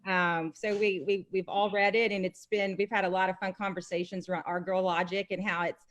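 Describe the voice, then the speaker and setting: A woman's voice: mid-range voice, flat delivery, brisk. A woman co-host on a video call who asks her questions in a rambling, hesitant way. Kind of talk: casual interview chat.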